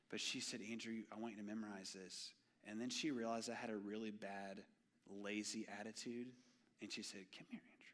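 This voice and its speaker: Young guy preaching, bright punchy voice, goes loud then real soft. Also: lowish voice. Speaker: pastor. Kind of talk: sermon. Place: church sanctuary.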